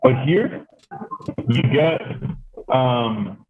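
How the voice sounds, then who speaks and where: A man's voice: medium pitch, drawn-out words, a little hiss or hum. A man from Canada, a podcast host telling a story in casual chat, rambling with lots of fillers and swearing. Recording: tinny phone-like sound.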